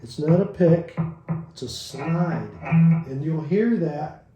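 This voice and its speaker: A man giving a casual guitar lesson, explaining in a slow, halting way with many restarts. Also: on the high side, warm tone, echoey room, low-quality recording. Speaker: guitar teacher. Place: recording studio. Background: guitar playing.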